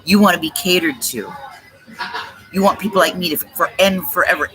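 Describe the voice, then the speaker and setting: A woman's voice: low voice, moderate pace, rough recording. Blunt, scornful woman ranting over music. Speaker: tarot reader and livestream host. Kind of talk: ranting livestream talk. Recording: music playing behind.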